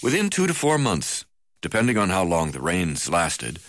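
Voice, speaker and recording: A man reading a first-person wildlife memoir aloud in a measured way, with occasional hesitations. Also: low voice, huge pitch swings, fairly bright tone, no echo. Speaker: reader.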